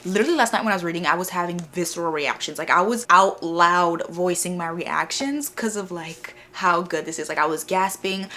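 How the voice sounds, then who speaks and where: A young woman chatting casually in a reading vlog, gushing and excitable, full of repeats and fillers. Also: fairly low pitch. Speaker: book vlogger.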